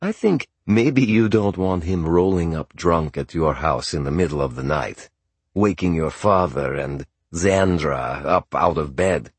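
A man's voice: sits low, measured pace, husky, dry recording, exaggerated voice. Man doing a bored, streetwise boy. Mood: offhand. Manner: bored, calm and offhand. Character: teenage Ukrainian boy, cool, bored, streetwise.

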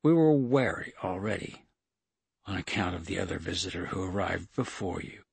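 Audiobook villain: cool female executive, mocking and commanding, voiced by a man, husky and dry. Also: deep voice, lively intonation, moderate pace, no echo, exaggerated voice. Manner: smug, commanding. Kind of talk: audiobook narration.

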